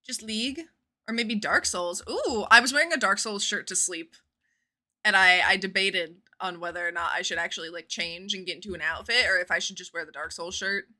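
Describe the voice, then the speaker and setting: A woman streaming a game live, chatting casually with viewers in a bubbly, animated way and swearing freely. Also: mid-range voice, fairly quick. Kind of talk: casual live-stream chat while gaming.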